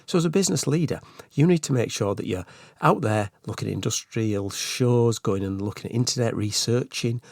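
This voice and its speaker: A man talks through his solo management podcast, chatty and earnest, dropping in asides. His voice sits fairly low, and the close, dry recording puts him right at your ear. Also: darkish tone, no echo. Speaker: podcast host.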